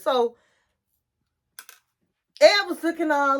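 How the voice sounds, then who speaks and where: A woman with a high voice talks slowly through a casual TV recap. She is chatty and unhurried, repeating and restarting phrases as she goes. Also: lively intonation, a bit bright. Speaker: YouTube reality TV commentator.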